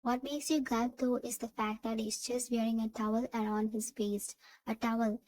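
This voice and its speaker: A woman reading second-person fan fiction narration in an even, steady way. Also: fairly high pitch, moderate pace, low-quality recording.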